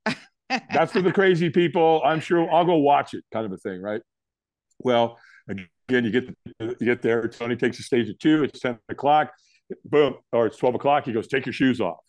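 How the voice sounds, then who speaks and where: A man's voice: medium pitch, normal speed, no echo. A middle-aged man telling a personal story in an interview, acting out the lines of the people in it. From United States. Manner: animated storyteller, acts out quotes. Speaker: guest.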